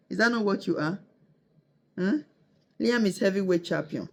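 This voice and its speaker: A woman's voice: mid-range voice, moderate pace, pauses often, a little mellow. Playful laughing mother talking to her baby. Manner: playful, laughs often, coos and teases; reassuring, addresses viewers directly. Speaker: mother and family vlogger. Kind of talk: casual home vlog, talking to her baby and viewers.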